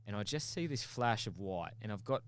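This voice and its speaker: A man telling an animated, sweary story in casual podcast conversation. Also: on the low side, a little fast, a little hiss or hum. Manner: animated, swears freely, acts out his own shouts. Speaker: podcast guest.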